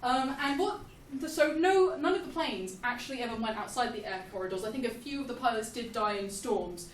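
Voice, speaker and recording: A young woman giving a casual, jokey history lesson, animated and laughing often. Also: on the high side, fairly quick, recorded from a distance. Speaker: history explainer. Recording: echoey room, off-mic, faint hiss.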